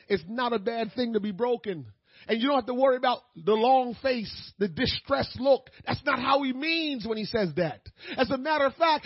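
Husky preacher man w a really high voice, goes from quiet to hollering, dull dry sound. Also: animated, moderate pace, dry recording. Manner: swings from quiet to shouting, crying out. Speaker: pastor. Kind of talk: sermon.

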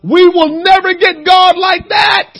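A man with a strikingly high voice teaches a Bible lesson like a sermon. He tells the stories in a folksy, humorous way and often rises into loud, emphatic shouts to drive a point home. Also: takes it slowly. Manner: animated storytelling, breaking into shouts for emphasis. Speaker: church teacher.

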